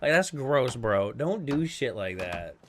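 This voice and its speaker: A man at an ordinary middle pitch chats while streaming a game, talking bluntly and swearing freely. He rambles and restarts his sentences, rising into loud, animated riffs and then dropping into quieter asides. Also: a little slow, a little hiss or hum. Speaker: game streamer hosting a multiplayer server. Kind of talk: casual chat while streaming.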